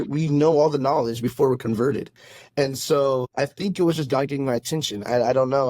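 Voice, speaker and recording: A pastor telling his own faith story in a podcast conversation, earnest and halting, often restarting his sentences. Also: mid-range voice, darkish tone, no room sound. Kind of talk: casual testimony in a conversation.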